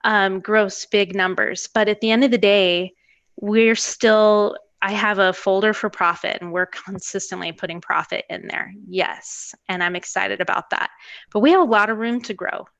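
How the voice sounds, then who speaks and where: A woman's voice: mid-range voice, fairly even intonation, normal speed, gravelly, a bit bright, no room sound. A woman in her thirties, a tutoring business owner, talking candidly in an interview, laughing often and acting out quoted examples. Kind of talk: casual interview conversation.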